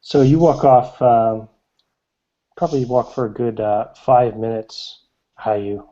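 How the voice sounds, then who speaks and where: A man narrating as game master of a tabletop game, describing scenes with halting fillers. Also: medium pitch, dark tone. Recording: dull lo-fi recording.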